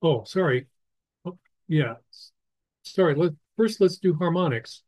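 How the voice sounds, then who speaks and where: A man teaching a ham radio licensing class over slides, explaining slowly with many restarts and fillers. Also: a little high, expressive, darkish tone, no room sound, low-quality recording. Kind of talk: technical lecture over slides.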